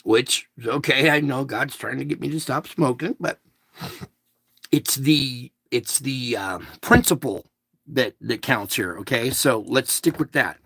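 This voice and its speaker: Gravelly fifties man ranting to viewers. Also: medium pitch, measured pace, fairly bright tone, dry recording. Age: 50s. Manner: emphatic, ranting, addresses listeners with "okay?". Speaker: vlogger. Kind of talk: rambling monologue to viewers.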